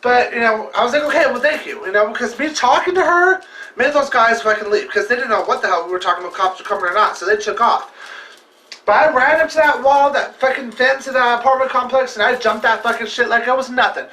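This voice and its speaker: A man's voice: very high voice, fast talker, sharp tone. A man vlogging, telling a personal story in a casual, heavily profane, emphatic and rambling way. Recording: echoey room, distant mic.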